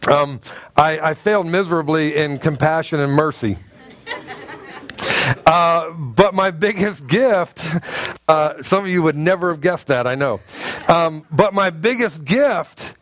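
A middle-aged man, a pastor, preaching a sermon in a church with animated, humorous storytelling and self-mocking asides. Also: fairly high pitch, a little slow, no echo. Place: church sanctuary.

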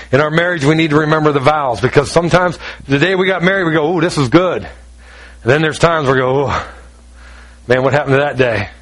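A pastor delivering a sermon with a notably high voice for a man. He is middle-aged and folksy, joking with his listeners and acting out bits of conversation as he goes. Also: fairly bright tone, poor audio. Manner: folksy and joking, acts out dialogue.

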